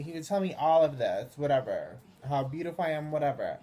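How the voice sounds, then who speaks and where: Low-voiced, mellow woman telling a dating story. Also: brisk, hardly any pauses. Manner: chatty and profane, constant filler "like"; animated, swings high and loud when excited. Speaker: vlogger. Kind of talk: casual storytelling to camera.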